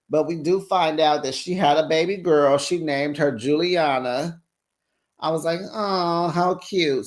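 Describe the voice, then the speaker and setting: A reality TV recap host giving sassy, animated, gossipy commentary and calling viewers honey and girl in a casual, chatty way. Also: medium pitch. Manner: talks in a breezy, chatty way.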